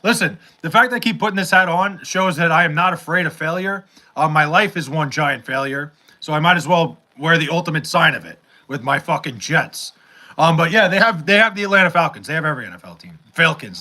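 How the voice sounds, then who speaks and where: Young male streamer, bright and a bit high, loose rambling chat with swearing and filler words. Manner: rambling, profane, with many fillers and restarts. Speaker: livestream host reading chat. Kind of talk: casual livestream chat.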